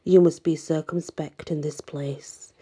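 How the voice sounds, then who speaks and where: A woman's voice: low voice, steady tone, a little slow, dark tone, husky, heavily acted. A woman voicing a grave, frightened old priest. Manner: grave warnings rising to panicked cries. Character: nervous older male parish priest, grave and fearful.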